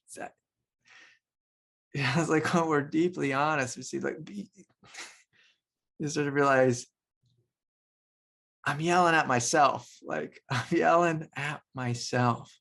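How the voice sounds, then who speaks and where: In a relaxed spiritual talk, a man whose voice is ordinary in pitch and a touch gravelly speaks loosely and thoughtfully as a teacher. Soft chuckles and the word "like" fill his pauses.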